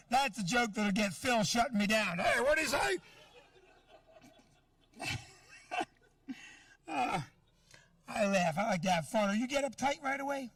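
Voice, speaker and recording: A middle-aged man working a comedy club crowd, brash and profane and never letting up on the teasing. His voice sits high for a man. The sound is dry, with the mic set back from him. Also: measured pace, pauses often, a bit bright, no echo, distant mic. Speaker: stand-up comedian. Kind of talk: stand-up set with crowd work.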